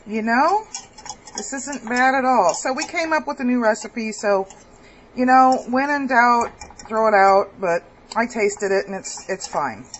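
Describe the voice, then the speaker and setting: A woman's voice: on the high side, measured pace, slight background noise, low-quality recording. A woman hosting a home cooking video, chatting casually and laughing at her own kitchen mistakes. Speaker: cooking vlog host.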